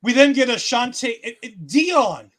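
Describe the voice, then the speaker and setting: A man's voice: very high voice, very animated, a little slow, a bit bright. A man co-hosting a casual wrestling post-show, talking animatedly and playfully mocking the people he discusses. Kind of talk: casual chat.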